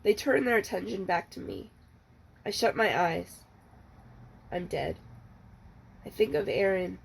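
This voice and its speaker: A woman librarian reading the first chapter of a novel aloud, in a steady, measured storytelling manner. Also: lowish voice, gravelly, husky, poor audio.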